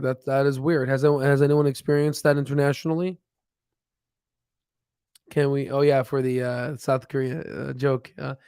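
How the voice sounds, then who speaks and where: A man's voice: mid-range voice, darkish tone, clear, resonant tone, no echo. Guy rambling through stock charts on a live stream, lots of um and uh, dry sound. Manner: rambling, filler-heavy, thinks aloud with restarts. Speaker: stock market livestream host. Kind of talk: casual live chat while reading charts.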